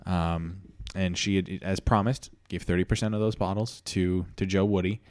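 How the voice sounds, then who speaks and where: A male podcast host with a fairly low voice tells a comic story. He talks in an easygoing, chatty way and laughs often. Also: little pitch movement, moderate pace, darkish tone, no echo, studio quality. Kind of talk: improvised comedic storytelling.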